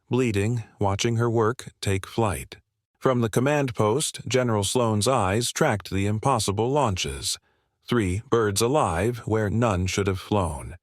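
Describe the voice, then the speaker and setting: A man narrating a scripted war story in a steady, measured storytelling manner. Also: lowish voice, no echo, clean studio sound.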